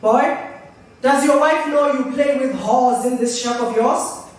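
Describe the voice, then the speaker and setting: A man's voice: very high voice, a little slow, voice pushed up. A woman voicing a contemptuous male policeman who barks and sneers during a night raid, recorded from a distance in an echoey hall. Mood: sneering, bullying. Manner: barking, sneering, mocking. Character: harsh male raiding policeman, contemptuous and bullying.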